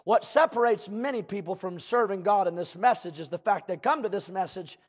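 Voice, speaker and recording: A man preaching a fiery sermon, breaking into shouts and slow drawled asides and calling out to the congregation. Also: high-pitched. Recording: dull lo-fi church recording.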